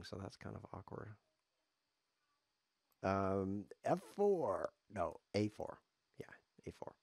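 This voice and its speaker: A man's voice: medium pitch, gravelly, darkish tone, no room sound, clean studio sound. A man commenting live on his own chess game as a streamer, sarcastic, self-mocking and grumbling.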